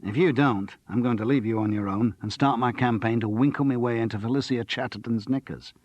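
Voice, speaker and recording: A man's voice: mid-range voice, brisk, darkish tone, no room sound, lightly acted. A man voicing a dry, self-mocking middle-aged actor who has sworn off drink. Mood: firm. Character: wry middle-aged male actor on the wagon.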